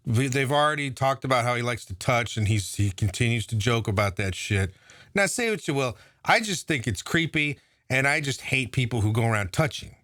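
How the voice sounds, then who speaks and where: A man's voice: mid-range voice, sharp tone, no room sound, studio quality. Sarcastic, profane man ranting. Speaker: political commentator. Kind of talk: casual political rant.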